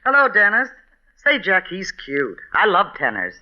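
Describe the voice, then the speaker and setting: A woman playing a droll, flirty, deep-voiced woman in a 1940s radio comedy. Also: huge pitch swings, measured pace. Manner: dry, drawling delivery. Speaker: guest actress. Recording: dull old radio broadcast.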